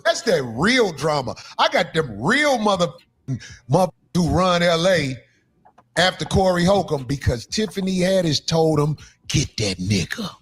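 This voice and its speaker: Comedian type, high husky voice, swings wildly in pitch, heated rant. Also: male voice. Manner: loud, profane, sing-song rant. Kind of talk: angry rant.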